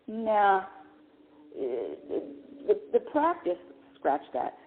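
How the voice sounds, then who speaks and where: A woman's voice: medium pitch, expressive, unhurried. A woman hosting a call-in radio show, talking in an emphatic way and often repeating her words. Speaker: radio host. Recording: tinny phone-line sound.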